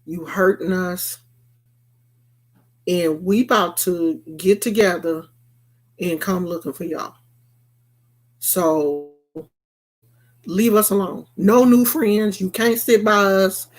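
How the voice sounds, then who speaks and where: A woman's voice: fairly low pitch, slow, pauses often. A woman vlogger delivering a blunt, repetitive rant to her viewers. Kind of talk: emphatic rant to camera.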